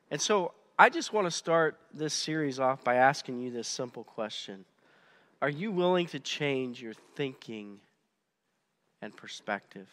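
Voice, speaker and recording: A man preaching a sermon as pastor, conversational and animated, often restarting his sentences. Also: mid-range voice, unhurried, long reverb tail.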